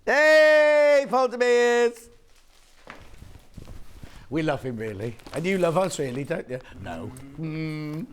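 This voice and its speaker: Lively chatty shopping presenter woman. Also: sits low, normal speed, hardly any pauses. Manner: chatty, bubbly, with joking asides to the crew. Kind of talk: live TV shopping sales chat. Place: TV studio.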